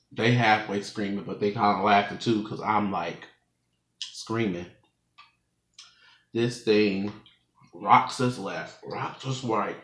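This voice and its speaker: A man in his twenties with a lowish, fairly bright voice tells a rambling story to his mukbang viewers, laughing frequently. He's at home in a room that echoes.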